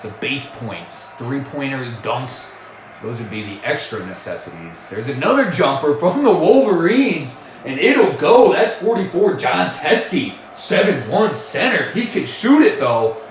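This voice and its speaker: A man doing jokey mock sports play-by-play commentary, full of puns and quick self-corrections. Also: mid-range voice, big pitch swings, reverberant, a little hiss or hum.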